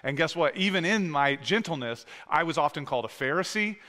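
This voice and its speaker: Preaching in an echoey church sanctuary with long reverb, a pastor in his thirties sounds a little high, animated, fairly quick, pushed and bright. His sermon is casual and conversational, peppered with fillers and restarts.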